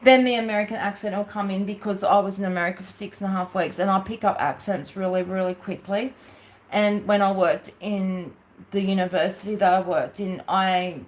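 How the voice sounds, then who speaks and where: A woman with an Australian accent who hosts a crafting livestream and chats casually to viewers, rambling through asides with many fillers. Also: mid-range voice.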